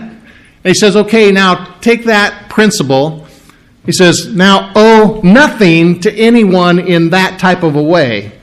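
Throat-clearing preacher man, slightly high voice. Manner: halting, repeats and restarts, frequent throat clearing. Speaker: pastor. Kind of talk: sermon.

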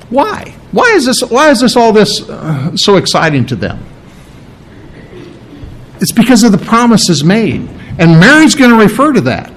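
A pastor preaching a verse-by-verse sermon, animated, often repeating and restarting phrases as he presses his questions. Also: fairly high pitch. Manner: animated, rising to emphatic questions. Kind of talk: expository sermon.

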